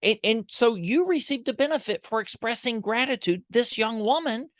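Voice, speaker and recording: A man's voice: extremely high pitch, lively intonation, normal speed, a bit bright, no echo, clean studio sound. A man talking as a guest, explaining ideas with enthusiasm and pointing to research. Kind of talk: conversational explaining.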